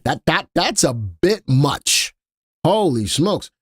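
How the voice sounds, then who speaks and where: A man's voice: on the high side, big pitch swings, slow pace, husky, no room sound, studio quality. A man hosting a live stock-analysis stream, chatting casually with viewers and crew and repeating his key points. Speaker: livestream stock analyst host.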